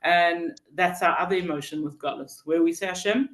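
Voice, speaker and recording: Halting teacher in a roomy hall. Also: mid-range voice, steady tone, a bit bright. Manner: halting, with many fillers and restarts; tells stories and acts out the people in them. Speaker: Torah teacher. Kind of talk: Torah lesson on Psalms. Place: synagogue hall. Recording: roomy echo.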